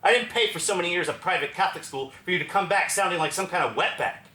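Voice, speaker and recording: A man's voice: sits high, fast talker, bright, forceful tone. A man doing a stern scolding mother. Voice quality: clipped, scolding. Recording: roomy theater stage.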